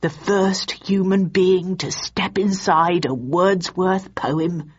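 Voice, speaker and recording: A woman putting on a gentle, absent-minded old male inventor for a storybook reading, his husky voice dropped low and drawn out slowly. The recording sounds dull and lo-fi. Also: fairly even intonation. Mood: calm. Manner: slow, measured and mild.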